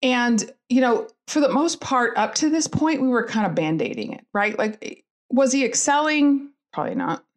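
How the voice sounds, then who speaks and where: A woman's voice: on the high side, very animated, normal speed. A middle-aged woman telling a personal family story in an earnest, candid way, with many fillers and restarts. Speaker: guest telling her story.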